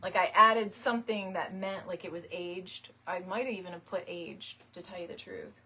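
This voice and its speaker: A woman's voice: on the low side, steady tone, moderate pace, sharp tone. A woman, chatting casually and laughing often as she makes a wreath live and greets viewers by name. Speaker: wreath-making live stream host. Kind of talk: casual chat while crafting on a live stream.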